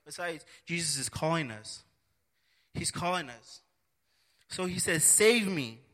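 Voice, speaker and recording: A man's voice: a little high, a little slow, sharp tone. A man preaching a sermon, earnest and repetitive, often restarting his phrases.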